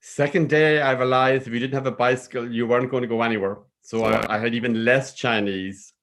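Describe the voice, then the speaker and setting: A man with a Cork Irish accent telling a personal story in a measured, sing-song way. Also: mid-range voice, fairly even intonation, fairly bright tone. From Ireland.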